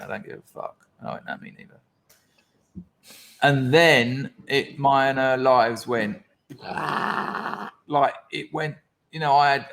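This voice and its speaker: A man tells his story as a podcast guest. He speaks bluntly and swears freely, at an ordinary pitch for a man. He slips into the voices of the people he quotes. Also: a bit bright. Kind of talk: candid storytelling interview.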